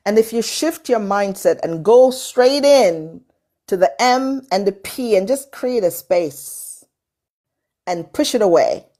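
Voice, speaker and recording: A woman's voice: fairly high pitch, darkish tone. Emphatic woman motivational speaker with accent. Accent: non-native English accent. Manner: emphatic, preacherly, repeats phrases for effect. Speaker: motivational speaker and workshop host. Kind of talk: motivational talk on a live call.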